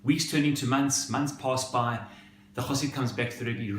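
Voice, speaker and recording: A male rabbi giving a sermon, telling a story in an expressive, dramatic way. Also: medium pitch, normal speed, roomy sound, slight background noise.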